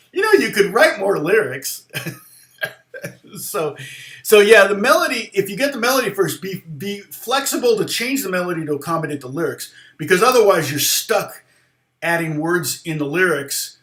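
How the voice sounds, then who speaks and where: A guitar teacher with a high-pitched voice gives a casual songwriting lesson in a roomy-sounding space. He rambles, restarts and uses fillers, now and then softly half-singing lyric lines to demonstrate a point.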